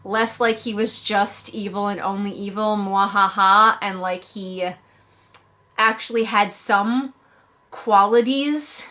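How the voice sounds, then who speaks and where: A woman casually reviewing a book she has read, talking in an animated way and jumping up in pitch for emphasis.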